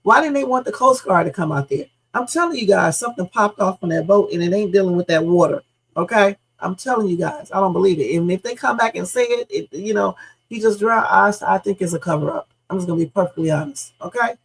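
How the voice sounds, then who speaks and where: A woman's voice: medium pitch, quick pace, breathy edge, poor audio. A woman streaming reaction commentary in a casual, blunt, opinionated way, often tossing in "okay?" and the odd swear word.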